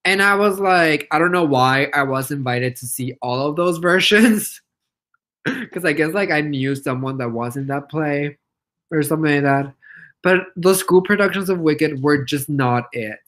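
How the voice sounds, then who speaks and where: A young man from Mexico chatting casually on a livestream, reading comments out loud, playful and giggly, and squealing at his pet. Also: a little high, unhurried, poor audio. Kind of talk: casual live-stream chat reading comments.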